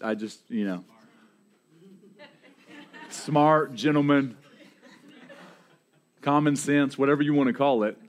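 Man, sermon storytelling, conversational, restarts and repeats words, mid pitch. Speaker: preacher.

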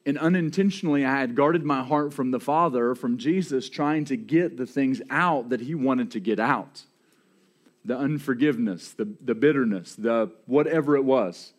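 A man's voice: medium pitch, moderate pace. Man telling a story in a sermon. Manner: conversational, repeats words and restarts often, laughs along. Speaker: preacher.

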